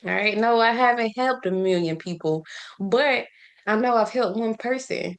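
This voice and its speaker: A woman's voice: a little high, moderate pace. A woman talking casually about faith, asking listeners rhetorical questions, laughing often and often restarting her sentences. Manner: repeats words and restarts often. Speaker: faith and self-care vlogger. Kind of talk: casual spoken devotional.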